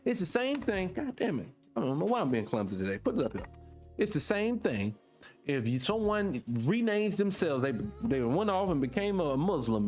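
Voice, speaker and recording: A morning talk show host plays clips and reacts with casual, blunt, profane commentary. His delivery is emphatic, and his pitch rises whenever he's driving a point home.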